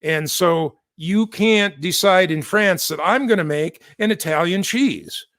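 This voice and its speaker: An American man talks through the news in a loose, conversational way, wandering into asides and correcting himself as he goes. His voice sits a little high for a man. The recording is dry and close, with no room sound. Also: a little slow, fairly bright tone, no room sound. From United States. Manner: chatty, digressive, self-correcting with asides. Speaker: host. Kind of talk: casual news commentary.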